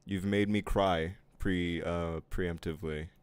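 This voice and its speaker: Man, very low voice, smooth and resonant, mock-offended live-stream banter while drawing. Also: fairly even intonation, takes it slowly, no room sound. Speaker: art streamer.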